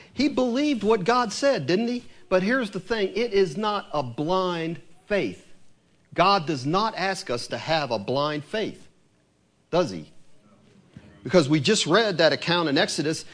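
A man preaching a sermon who reads scripture aloud and asks his listeners questions. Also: high voice.

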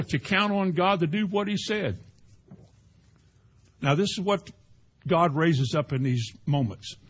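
A man preaches in a husky, somewhat high voice. He talks to the congregation in a conversational way, swinging between emphatic lines and hushed ones. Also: animated, a little slow, long pauses. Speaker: pastor. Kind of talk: sermon.

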